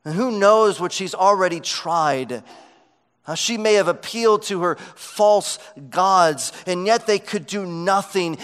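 High-voiced slow preacher in a reverberant hall. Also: male voice, clean tone. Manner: preaching with emphatic swells and dropping to quiet lows. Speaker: pastor. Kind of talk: sermon.

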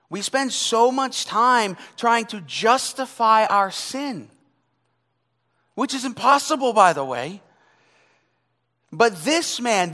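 A man preaching a sermon, dramatic, swinging between loud emphasis and hushed, near-whispered lines. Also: high-pitched. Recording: long hall reverb.

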